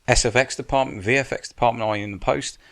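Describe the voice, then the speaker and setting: A man's voice: medium pitch, fairly even intonation, fast talker, vocal fry, a bit bright. A man giving casual podcast advice as a guest, frank and blunt, swearing and restarting his sentences often. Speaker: stunt coordinator and military adviser, guest.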